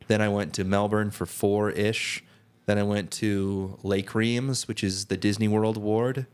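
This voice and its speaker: Low-voiced young man telling stories. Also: flat delivery, a little slow, darkish tone, clean tone. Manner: rambling, many restarts and "like" fillers. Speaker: podcast co-host. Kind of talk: casual chat, storytelling.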